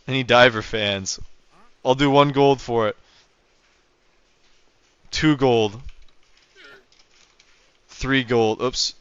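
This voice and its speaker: A man's voice: medium pitch, a bit bright, clean tone, no room sound. A young man streaming a game live, chatting casually with viewers in a rambling, self-correcting way, on a dull lo-fi mic. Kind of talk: casual livestream commentary.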